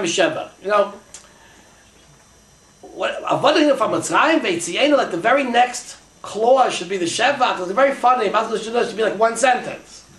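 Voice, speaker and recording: A man's voice: high voice, vocal fry, fairly bright tone, reverberant. A man teaching a Talmudic class, thinking aloud in Yeshivish English full of Hebrew and Aramaic terms. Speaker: Torah teacher. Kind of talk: Talmudic lecture to a small class.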